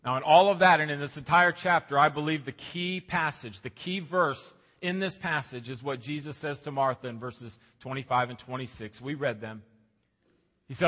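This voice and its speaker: Male pastor, fairly high bright voice, earnest sermon delivery, church hall reverb. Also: moderate pace. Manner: earnest preaching, rising emphasis on key lines. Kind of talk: sermon with scripture reading. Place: church sanctuary.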